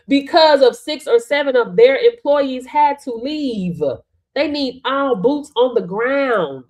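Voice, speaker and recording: Woman coach on a live stream, a bit high-pitched, emphatic, keeps checking in with viewers. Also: animated, slow pace, a little mellow. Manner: emphatic, punctuates with "right?" and "Hello?", calls on viewers. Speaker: business coach.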